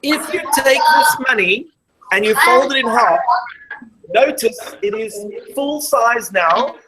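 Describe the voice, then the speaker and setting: A woman's voice: on the high side, animated, takes it slowly, heavy background noise. A woman presenting a live maths show to a classroom of children, explaining step by step and quizzing the class as she goes.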